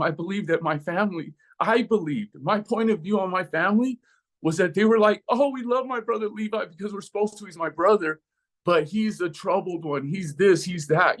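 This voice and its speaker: A man telling an emotional personal story as a guest speaker, acting out voices from it with lots of life. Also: high voice. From USA. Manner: animated, acts out voices in his story.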